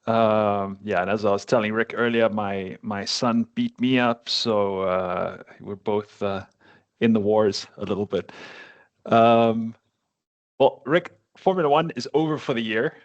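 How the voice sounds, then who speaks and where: A middle-aged man co-hosting a podcast in casual chat, talking in a halting way with many restarts as he searches for words. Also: fairly low pitch, muffled recording. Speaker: podcast co-host.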